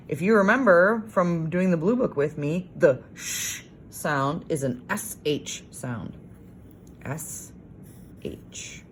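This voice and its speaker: Low-voiced woman teaching young children. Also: a little hiss or hum. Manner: slow, sing-song sounding out of letters and words; encouraging, praising. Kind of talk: recorded homework lesson for young children.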